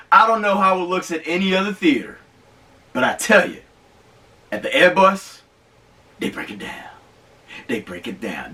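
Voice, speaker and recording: A man hosting a casual movie review vlog, talking in an animated, emphatic and slangy way and drawing out words for emphasis. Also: high-pitched, far from the mic. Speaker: host of a movie review show.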